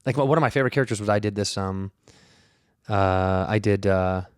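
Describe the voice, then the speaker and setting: A man's voice: fairly low pitch, a little fast, clear, resonant tone, dry recording, clean studio sound. A male comedian chatting casually as a podcast guest, rambling and acting out bits. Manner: animated, rambling, acts out bits.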